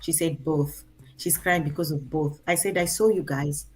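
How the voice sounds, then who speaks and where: A woman's voice: low voice, moderate pace, husky. A middle-aged woman with a Kenyan accent, telling a parenting story in a conversation and acting out the quotes. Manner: animated, acts out quotes in her story. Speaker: guest sharing a parenting story.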